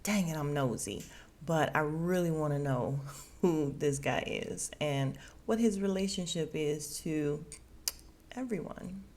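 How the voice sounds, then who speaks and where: A young woman hosts a casual podcast recap with a chatty, animated delivery. She leans on slang and laughs often as she talks. Her voice sits fairly low for a woman. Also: takes it slowly. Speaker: podcast host.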